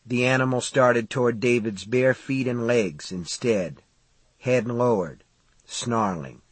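A man narrating an audiobook in a steady, measured storytelling voice. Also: mid-range voice, slightly rough, dry recording.

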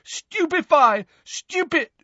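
A man voicing a frightened but defiant teenage boy who shouts in strained desperation. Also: very high voice, animated, slow, no room sound, muffled recording, voice pushed up, heavily acted. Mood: shouting defiant.

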